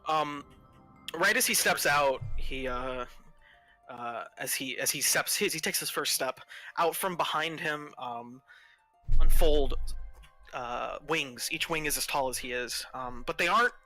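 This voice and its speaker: A man's voice: a little high, unhurried, sharp tone, soft background music, rough recording. A man narrating as game master, hesitant and full of fillers as he describes the scene.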